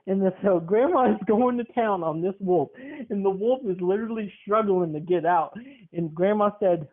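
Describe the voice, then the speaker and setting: A man's voice: sits high, moderate pace. A man co-hosting a podcast who tells a comic story in a rambling way and laughs often. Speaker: podcast co-host. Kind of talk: comedic storytelling. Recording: tinny phone-like sound.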